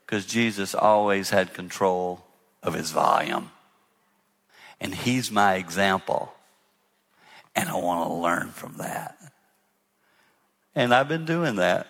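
A man's voice: low voice, lively intonation, slow, vocal fry, long pauses, fairly bright tone. A man giving an earnest, conversational sermon-style talk on marriage to a live audience in a large hall. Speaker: guest speaker on marriage. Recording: echoey hall reverb.

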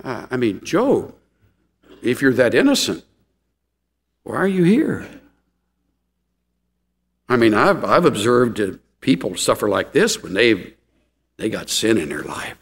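A middle-aged man preaching a sermon, animated, acting out quotes with gasps and laughs. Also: medium pitch, a little slow, creaky, long pauses, breathy edge, long reverb tail. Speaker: pastor.

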